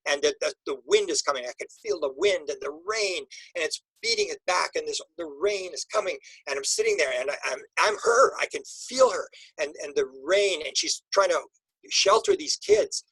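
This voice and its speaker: Guy w/ a breathy slightly high voice, stumbling and restarting as he tells his story, dry sound. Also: pushed and bright, no room sound, rough recording. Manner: halting, with many restarts and repeated words. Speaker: interview guest. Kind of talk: emotional personal storytelling.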